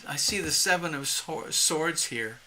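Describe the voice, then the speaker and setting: A tarot reader giving a live reading, talking in a rambling, animated way, acting out the inner voices they describe and laughing at their own jokes. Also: mid-range voice, measured pace.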